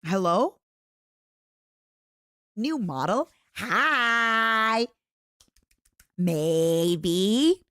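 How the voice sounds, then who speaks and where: A woman's voice: medium pitch, animated, moderate pace, a bit bright, no echo, clean studio sound. A woman from Eastern Europe streaming, chatting playfully with her chat and often breaking into giggles. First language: French-schooled, non-native English.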